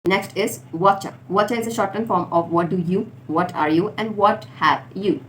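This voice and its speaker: A woman teaching informal contractions, repeating each word slowly for learners. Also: mid-range voice, fairly bright tone. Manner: slow, deliberate drilling of words. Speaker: English teacher. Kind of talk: spoken English lesson for learners. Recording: faint background noise.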